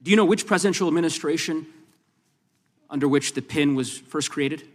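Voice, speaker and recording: A man with a slightly raised voice pushes a witness hard, keeping his questions pointed and steady. He speaks into a desk mic, and the long reverb of a big hearing room hangs on his words. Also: a little high, a little fast. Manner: firm, pressing, reclaims time, talks over interruptions.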